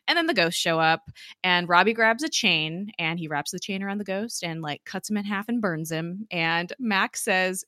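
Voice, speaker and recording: A woman hosting a casual recap chat, talking fast, laughing often and quoting lines as she goes. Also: on the low side, bright, forceful tone, clean tone, no echo, clean studio sound. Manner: chatty, laughs often, acts out lines in quick quotes. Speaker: podcast host recapping an episode.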